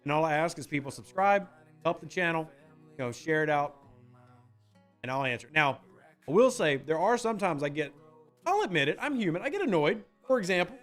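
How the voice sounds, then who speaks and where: An American man talks loosely to his stream chat, reading out viewers' messages and answering them. His voice sits high and swings widely in pitch. A little music plays quietly underneath. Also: expressive, a little fast. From United States. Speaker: game streamer. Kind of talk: casual live-stream chat.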